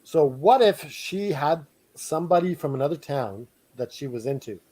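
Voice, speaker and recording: Higher-voiced Canadian man in casual chat. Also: lively intonation, normal speed, darkish tone. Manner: laughing, hesitant, full of fillers. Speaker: podcast co-host.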